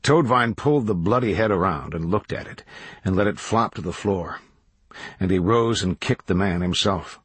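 Deep and husky, a man narrates an audiobook from a script, keeping his storytelling calm and even. The sound is dry.

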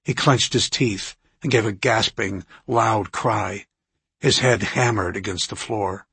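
A man with a husky voice reading a novel aloud in an even, steady narration. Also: fairly low pitch, slow. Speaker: audiobook narrator. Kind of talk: scripted narration.

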